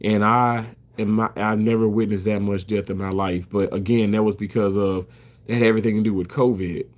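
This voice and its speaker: A man's voice: lowish voice, steady tone, a little fast. A man who works as a surgical first assist, talking casually to the camera in an emphatic way, repeating himself and swearing freely.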